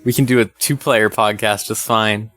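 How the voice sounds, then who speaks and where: A man's voice: on the low side, steady tone, normal speed, fairly bright tone. A man co-hosting a casual video game podcast, chiming in with brief, dry remarks. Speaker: podcast co-host.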